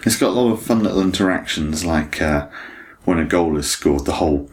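A man's voice: deep voice, fairly quick. A man co-hosting a casual game review chat, enthusiastic and laughing often. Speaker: game podcast co-host.

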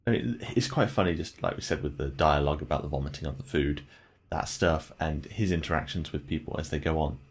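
Brief: low-pitched male co-host, loose rambling review chat, laughs easily. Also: brisk, hardly any pauses, breathy edge. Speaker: podcast co-host. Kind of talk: casual game review chat.

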